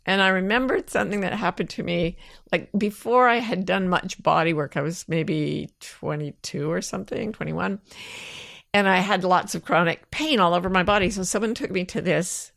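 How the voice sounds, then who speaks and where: A middle-aged woman co-hosting a podcast, telling a personal story in a casual, animated way. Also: lowish voice, moderate pace, gravelly, dry recording, studio quality. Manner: animated storyteller, laughs through her own anecdotes. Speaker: podcast co-host.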